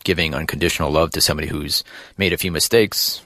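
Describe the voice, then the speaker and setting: A man interviewing a guest in conversation, gentle and attentive, affirming what he hears. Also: extremely low pitch, steady tone, fast talker, no echo, studio quality.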